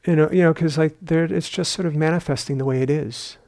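A male meditation teacher speaks in a slightly high, steady tone during a dharma talk in a retreat hall. He is reflective and relaxed in pace, with a touch of gentle humor.

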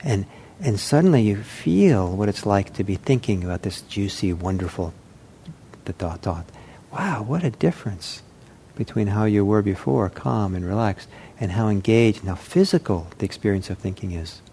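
Soft-spoken man giving a meditation talk. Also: on the low side, animated, a little hiss or hum. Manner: gentle, reflective, many pauses and restarts. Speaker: meditation teacher. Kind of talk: unscripted dharma talk.

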